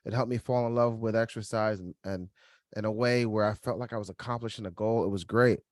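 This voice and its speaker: A young man co-hosting a podcast, telling a personal story in casual chat, lively and laughing, acting out the voices of others. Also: fairly low pitch, a little fast, no room sound, studio quality. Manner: animated, acts out quoted voices, laughs while telling. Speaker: podcast co-host.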